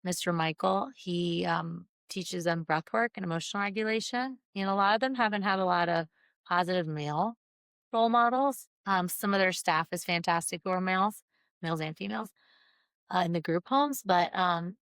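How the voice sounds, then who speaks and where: Female guest, lowish voice, earnest storyteller, dry close mic. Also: normal speed, clear, resonant tone, dry recording. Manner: earnest, animated storyteller acting out quotes. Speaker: guest, nonprofit founder. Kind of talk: casual interview conversation.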